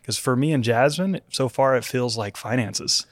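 A man's voice: medium pitch, normal speed, dry recording. A young adult man hosting a casual church interview, joking easily and then reading a church promo. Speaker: interview host.

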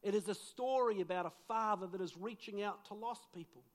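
High-voiced New pastor telling a story. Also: male voice, fairly quick. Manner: animated, acts out dialogue in the story. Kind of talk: storytelling sermon.

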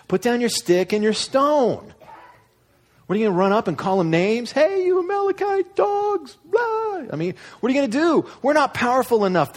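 A man voicing a group of whiny, panicky male spies who scoff sarcastically in a high, nasal voice. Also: exaggerated voice. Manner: fast, sarcastic, dismissive.

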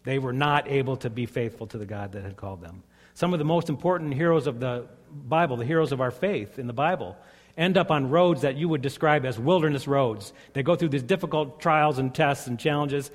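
A man's voice: medium pitch, brisk. A man preaching a sermon as a pastor, earnest and conversational, telling stories to his congregation. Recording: long hall reverb.

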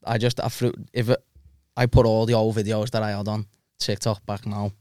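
Brief: young guy, podcast guest, laid-back and sweary, smooth clear tone, close dry studio mic. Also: on the low side, little pitch movement, normal speed, darkish tone, no room sound. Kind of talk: casual chat.

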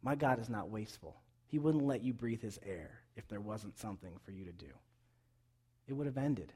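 A young man giving a sermon in a church, conversational, moving between quiet reflection and loud, urging calls to the congregation. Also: lowish voice, expressive, moderate pace, husky. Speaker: pastor.

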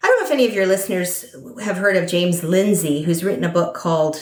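A woman guest talking through political ideas in a halting, thoughtful way, often restarting her sentences. Her voice sits a little low. The recording has a noticeable room echo. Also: expressive. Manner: thoughtful, hesitant, many fillers and restarts. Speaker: podcast guest. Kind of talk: political conversation.

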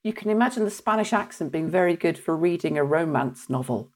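A woman's voice: fairly low pitch, expressive, a little fast. A woman co-hosting a casual comic chat, playful and jokey, laughing often. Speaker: podcast co-host.

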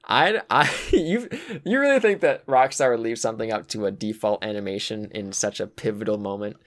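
A man's voice: lowish voice, lively intonation, fairly quick, fairly bright tone. A man in casual chat, thinking aloud about a game's story, with frequent fillers and sighs. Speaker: co-host discussing a video game.

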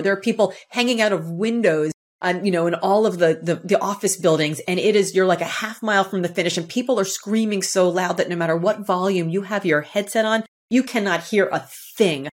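A woman from the area, a guest on a podcast, telling a personal story in a lively way and acting out the quotes. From Boston area, United States. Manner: lively, acts out quotes with shifting pitch. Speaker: podcast guest, author and speaker. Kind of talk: animated storytelling in conversation.

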